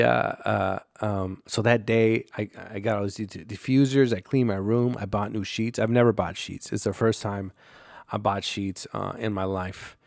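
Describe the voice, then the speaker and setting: A man's voice: fairly low pitch, gravelly, a little mellow, dry recording, studio quality. A man hosting a solo podcast, telling stories in a rambling, profane way full of fillers and restarts. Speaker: podcast host.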